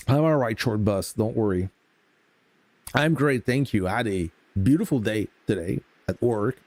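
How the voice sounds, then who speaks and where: A man on a live game stream, speaking slowly in a mellow, warm voice with a mid-range pitch. He greets his viewers casually and walks through the game features at an easy pace. The sound is dry and close. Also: no echo. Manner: relaxed, greets chat viewers, explains game mechanics.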